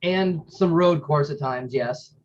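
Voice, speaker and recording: A man's voice: on the high side, takes it slowly. A man chiming in on a casual call with short agreeable remarks. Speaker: guest. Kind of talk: casual chat. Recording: lo-fi dull sound.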